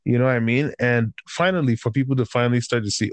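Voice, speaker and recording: A man talks football in a heated, profane rant, peppering his sentences with "bro" and "man". His pitch sits in an ordinary middle range, and the sound is close and dry with no room around it. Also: fast talker, hardly any pauses, no room sound. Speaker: podcast host and football fan. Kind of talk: casual chat.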